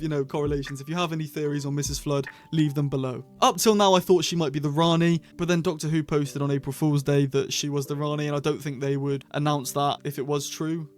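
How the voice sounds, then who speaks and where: A man's voice: a little high, darkish tone. A man hosting a casual review vlog, talking in a chatty, rambling way and often correcting himself. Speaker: channel host reviewing episodes.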